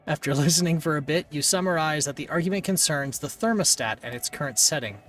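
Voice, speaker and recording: A man's voice: a little high, fast, recorded from a distance, faint music behind. A man streaming a text game, reading the narration aloud with joking asides. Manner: animated, joking.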